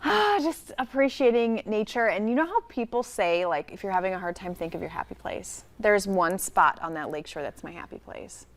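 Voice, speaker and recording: A woman in her thirties from Michigan's Upper Peninsula co-hosts a TV show from the studio. She chats casually and laughs often, in a mid-pitched voice. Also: expressive, moderate pace, hardly any pauses. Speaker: TV show co-host.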